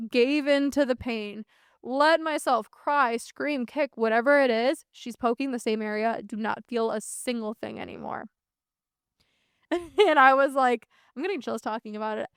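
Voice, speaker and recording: Woman, 30s, podcast host; high, clear voice, casual swearing, dry close sound. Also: moderate pace, dry recording. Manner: candid, earnest, swears casually. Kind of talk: reflective solo podcast monologue.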